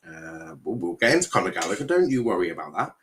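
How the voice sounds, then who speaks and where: A man's voice: sits low, sing-song, fast, a bit bright, slight background noise. Laughing man hosting a football chat. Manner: laughs often, reads chat comments aloud. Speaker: stream host.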